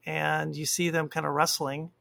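A man with a slightly raised pitch and a gravelly, crackly edge talks casually about a TV series. The sound is dry and close. He reflects thoughtfully and often circles back to restart his sentences. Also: flat delivery, moderate pace, pushed and bright, no echo. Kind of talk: casual chat reviewing a TV series.

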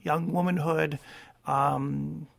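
A man co-hosting a podcast, chatting casually in a reflective way, often pausing to search for words. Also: fairly high pitch, steady tone, gravelly. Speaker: podcast co-host. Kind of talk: casual chat.

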